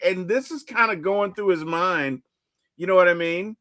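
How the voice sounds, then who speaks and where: A man hosting a casual movie recap, retelling scenes in an animated way and acting them out. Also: high voice, normal speed, no room sound, studio quality. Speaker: podcast host.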